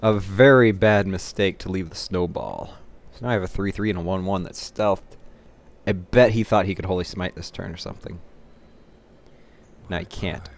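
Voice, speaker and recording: A man giving live commentary on his own card game, thinking his moves through aloud and getting excited or laughing at his own mistakes at his home computer. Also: sits low, normal speed. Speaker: gameplay commentator.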